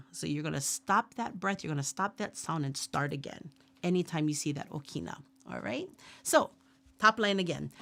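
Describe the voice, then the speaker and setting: A woman leading a workshop, teaching Hawaiian pronunciation slowly and patiently with repeat-after-me drills. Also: low-pitched, lively intonation, vocal fry, pushed and bright. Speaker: ukulele and Hawaiian language teacher.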